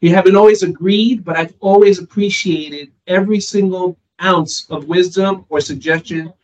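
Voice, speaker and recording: Man, fairly high voice, earnest and articulate interview guest. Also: steady tone, normal speed, highs cut off. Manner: earnest, articulate, formal praise. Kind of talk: interview talk.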